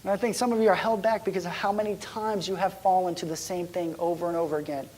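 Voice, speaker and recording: A man preaching a sermon as a pastor, telling a personal story in a conversational way, with frequent restarts, often dropping to hushed, near-whispered tones. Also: sits high, steady tone, fast talker, slight background noise.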